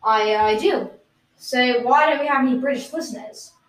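A woman's voice: sits high, normal speed, close to an everyday voice. A woman playing an unconvincing British guest. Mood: deadpan. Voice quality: plain American-sounding voice. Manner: rambling, deadpan nonsense. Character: self-proclaimed British guest, not convincing. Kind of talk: improvised comedy podcast. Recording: roomy, distant mic.

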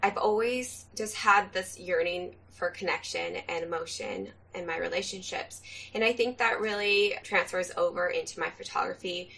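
A hoarse woman guest on a casual podcast interview, speaking in an earnest, reflective way. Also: on the low side, moderate pace, pushed and bright. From California.

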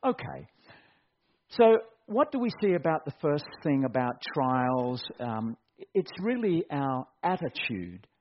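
A middle-aged man preaching a sermon, animated and acting out quotes in mock voices. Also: mid-range voice, slow pace, a little hiss or hum. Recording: dull lo-fi recording.

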